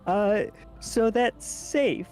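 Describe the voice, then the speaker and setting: A man with a fairly high, mellow voice plays in a tabletop game. He speaks very slowly and hesitantly, with many fillers and restarts. Faint music plays behind. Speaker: player. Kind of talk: casual tabletop game chat.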